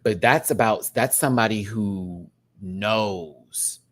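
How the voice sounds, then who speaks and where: A man reviewing a drag competition show in a casual, campy rant, laughing often and swinging between loud outbursts and quiet asides. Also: slow. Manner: big jumps in pitch and loudness. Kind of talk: casual commentary.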